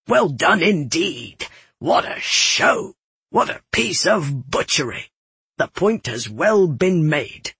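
A man's voice: fairly high pitch, sing-song, slow pace, pushed and bright, husky, no echo, full character voice. A man voicing a callous town mayor who gloats and praises in a smug way. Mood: gloating. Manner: gloating, approving.

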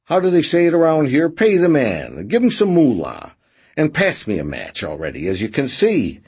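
A cooing, scheming older fence, all theatrical affection. A man acts him out with a lifted, swooping voice. The tone stays hoarse and breathy. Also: fairly high pitch, huge pitch swings, normal speed, a little mellow, voice pushed up, heavily acted.

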